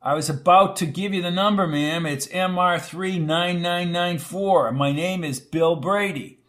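Brief: brash young reporter, raised and pushy, as a narrator voices him, audio drama. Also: male voice, high voice, voice pushed up. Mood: impatient. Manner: hurried, loud and pushy.

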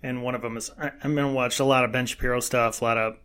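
A man with an ordinary mid-range voice chats casually on a podcast. He agrees easily and recounts things in a relaxed, offhand way. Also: mid-range voice, very fast, clean tone. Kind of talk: casual chat.

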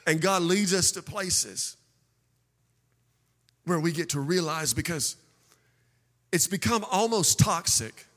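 A man preaching a sermon, swinging from hushed asides to shouted declarations. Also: fairly high pitch, animated, slow, pauses often. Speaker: pastor. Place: church sanctuary. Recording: long reverb of a large hall.

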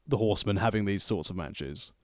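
A man's voice: lowish voice, a little fast, no echo. A man co-hosting a casual podcast, chatting about old wrestling with dry wisecracks. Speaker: podcast co-host.

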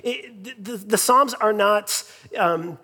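Male pastor with a high voice, preaching conversationally with fillers and repeats, long hall reverb. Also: takes it slowly, pushed and bright, slightly rough. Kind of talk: sermon.

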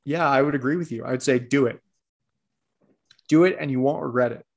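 A man's voice: mid-range voice, fairly quick, vocal fry. A man with a Long Island accent in a casual sports chat, laid-back and wry.

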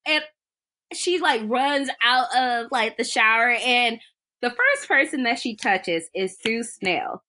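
A young woman recapping a film in casual chat, animated, laughing often and loudly acting out the characters' lines. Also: a little high, takes it slowly.

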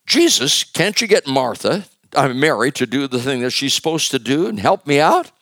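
A man voicing an exasperated woman who complains and pleads with Jesus in a high, raised voice. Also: big pitch swings, normal speed, a bit bright, no echo, clean studio sound.

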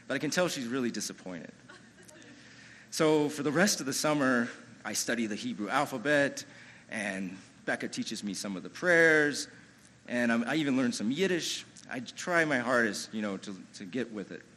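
A man telling a personal story live on stage, chatty and animated, with lots of "you know" and restarts. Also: mid-range voice, a little hiss or hum.

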